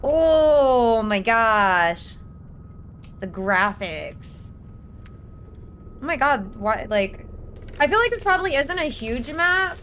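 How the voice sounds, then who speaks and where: High-voiced young woman streamer. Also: very animated, slow pace, long pauses, fairly bright tone, a little hiss or hum. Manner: casual, reactive, swears, thanks chat. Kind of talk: live gameplay commentary.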